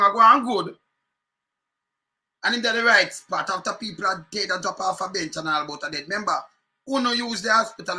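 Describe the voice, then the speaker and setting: A man's voice: high-pitched, pushed and bright. Fiery Jamaican man ranting about politics. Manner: fiery, repetitive, sarcastic, mixes patois. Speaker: political commentator. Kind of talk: heated political rant.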